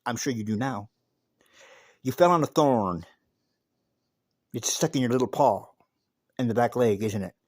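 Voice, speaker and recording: A man puts on a tiny, wise mouse who talks like a laid-back buddy from the street. His voice is calm and reassuring, never rattled. The sound is dry and close. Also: medium pitch, unhurried, long pauses, no echo. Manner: soothing, street-casual talk. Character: calm, knowing little male mouse.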